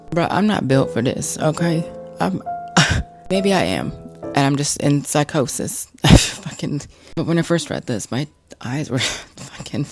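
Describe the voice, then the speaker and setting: A woman talking to camera in a casual, excitable vlog, swearing freely. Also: deep voice, unhurried. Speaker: social media creator. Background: music.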